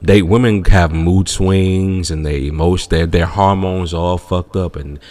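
A man co-hosting a podcast, telling a comedic story in casual chat and acting out other people's voices. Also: measured pace. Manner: animated, acts out voices in shrieking high tones. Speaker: podcast co-host.

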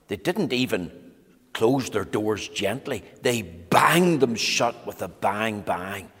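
A man reading a storybook aloud to children in an animated, dramatic manner, talking to them directly. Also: mid-range voice, slow pace, breathy edge. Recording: echoey hall reverb.

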